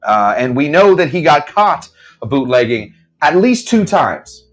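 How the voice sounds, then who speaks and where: Animated, jokey male cocktail teacher. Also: on the high side, unhurried, soft background music. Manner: animated, jokey, rambling, puts on mock voices for quotes. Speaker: bartender teaching a live online cocktail class. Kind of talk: casual live-stream storytelling lesson.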